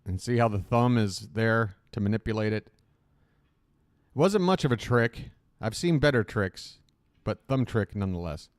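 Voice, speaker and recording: A man's voice: mid-range voice, big pitch swings, normal speed, dry recording. A man hosting a live reaction stream, chatting casually and joking, with a slight lisp and self-conscious asides.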